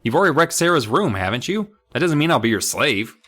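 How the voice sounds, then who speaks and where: A man's voice: medium pitch, big pitch swings, fast, a bit bright, voice pushed up. A man voicing a scared but defiant teenage girl who cries out and pleads. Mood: panicked.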